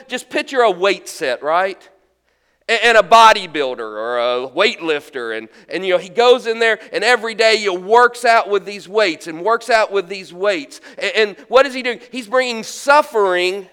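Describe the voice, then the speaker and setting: A man preaching a sermon as pastor, swinging between loud emphasis and hushed, quiet lines. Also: high voice, smooth.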